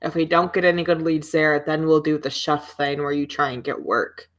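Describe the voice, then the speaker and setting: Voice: mid-range voice, flat delivery, moderate pace, fairly bright tone. A player at a tabletop game, proposing plans and joking.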